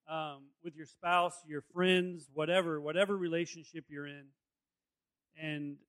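A man's voice: fairly high pitch, fairly bright tone. Earnest man giving advice. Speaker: pastor, co-host. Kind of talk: casual chat, giving advice.

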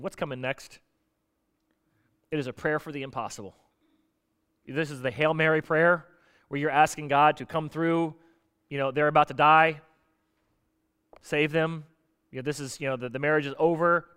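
A man preaching a sermon in a conversational, animated way, often putting questions to his listeners. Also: fairly high pitch, moderate pace, long pauses, clear, resonant tone. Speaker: pastor.

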